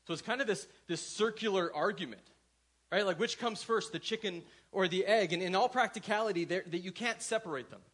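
A man in his thirties with a high voice preaches from the front of his church. His sermon is loose and conversational, full of asides and quick questions to the congregation. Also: fairly bright tone. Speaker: pastor.

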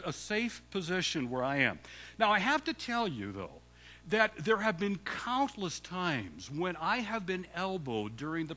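An older man from Canada, a guest preacher who opens his sermon by joking with the congregation. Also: sits high. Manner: warm joking banter with the congregation. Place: church sanctuary.

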